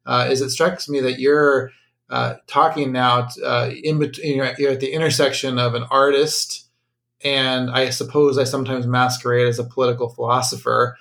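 A man hosts an interview and poses long questions at a measured pace. He often searches for his words. His voice is gravelly with a strong fry. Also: mid-range voice, little pitch movement, fairly bright tone. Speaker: podcast host.

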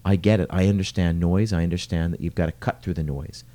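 Earnest restaurateur musing aloud, warm-toned. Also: male voice, low voice, steady tone, fast. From lives in New York City. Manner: earnest, repetitive, rhetorical questions. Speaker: restaurateur and podcast host. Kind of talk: solo podcast monologue.

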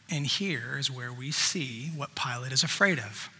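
Guy preaching, reads the verses then jumps in w/ punchy asides, super bright voice, long echo like a big hall. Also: mid-range voice, unhurried, hardly any pauses, slightly rough. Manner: reads scripture aloud and breaks in with emphatic asides. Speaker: pastor. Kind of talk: sermon.

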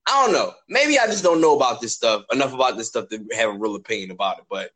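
A man's voice: mid-range voice, sing-song, quick pace, a bit bright, poor audio. Young guy rambling on a podcast, slangy, lots of questions, regular mid voice. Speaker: podcast co-host. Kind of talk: casual chat.

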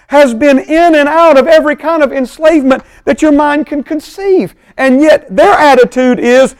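A high-voiced male pastor leads a Bible study class with animated energy, often pausing to ask his listeners if they follow. The sound is close and dry, with no room echo. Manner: animated, keeps checking in with the class.

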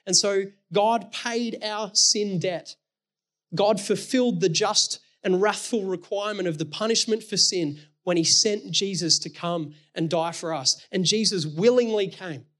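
High-voiced man preaching a sermon. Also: a little slow, fairly bright tone. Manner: earnest, explains with everyday illustrations and scripture.

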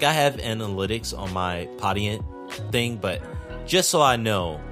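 A man hosting his own podcast alone, rambling casually with profanity, restarts and self-deprecating asides. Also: fairly low pitch. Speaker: podcast host. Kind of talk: casual solo podcast monologue. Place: indoors at home, rainy night.

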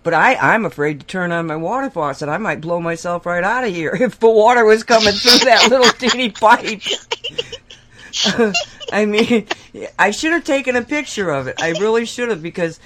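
A woman's voice: mid-range voice, lively intonation, moderate pace, background noise. A woman hosting a casual chat. She tells a rambling story, laughs often and acts out the people she quotes. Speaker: host.

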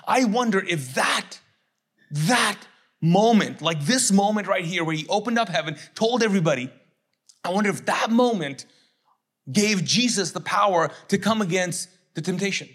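A middle-aged man preaching a sermon as pastor, conversational and joking, acting out quick voices of others. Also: high-pitched, lively intonation, fairly bright tone.

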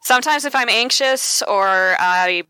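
Woman podcast guest, articulate, wordy, bright voice, dry close sound. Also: a little high, unhurried, clear, resonant tone, no room sound. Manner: articulate, wordy, playfully dramatic. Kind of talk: casual podcast chat.

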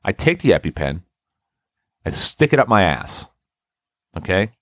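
Young male co-host, lower voice, lively delivery, rambling comic storyteller, dry close sound. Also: a little slow, no echo. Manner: rambling storyteller, acts out quoted lines. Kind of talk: casual comedic chat.

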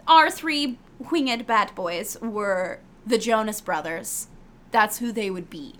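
A woman's voice: medium pitch, expressive, slow pace, a bit bright. A woman chatting casually, rambling with many fillers and giggles. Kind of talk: casual chat.

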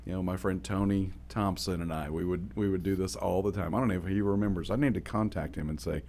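A man co-hosting a podcast in casual chat, playful, sometimes putting on a deep radio announcer voice. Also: quick pace, warm tone. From Oklahoma. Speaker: podcast co-host.

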